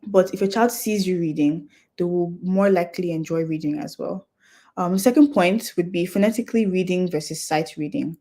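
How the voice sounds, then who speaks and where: A woman's voice: lowish voice, normal speed, mellow. A young adult woman speaking at a conference, explaining step by step in an earnest, practical way. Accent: non-Nigerian English accent. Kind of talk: talk to an audience.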